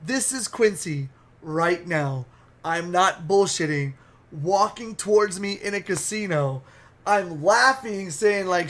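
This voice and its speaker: A man telling a wild story in a casual, animated and profane way. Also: sits high, takes it slowly. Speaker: storyteller, streamer.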